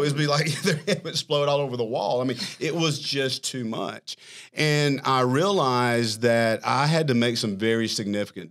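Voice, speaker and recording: A man, a company chief executive, telling a long story in a casual interview, animated and self-mocking, laughing as he talks. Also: medium pitch. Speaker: firm CEO, podcast guest.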